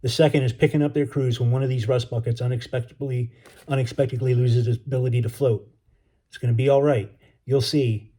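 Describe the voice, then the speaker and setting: A folksy, gruff Marine, read by a man in a storybook, talking in easy slang to calm a frightened boy. The tone is mellow and warm. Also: medium pitch, fairly quick, natural voice. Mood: reassuring. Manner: folksy, reassuring, drawling slang.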